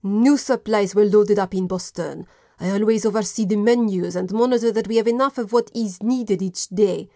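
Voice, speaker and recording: A woman's voice: mid-range voice, normal speed, mellow, dry recording, studio quality, close to an everyday voice. A woman voicing a proud male ship's cook in an audiobook, with a slightly altered timbre. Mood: earnest. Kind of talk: audiobook character voice.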